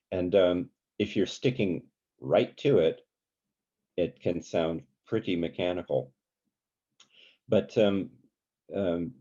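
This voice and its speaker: A man with a low, mellow voice leads a relaxed songwriting lesson. He talks in a loose, chatty way and often stops to sing or hum short examples. The sound is dull and lo-fi. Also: husky. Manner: chatty, many fillers, sings and hums examples. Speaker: songwriting teacher. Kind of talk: informal workshop lesson.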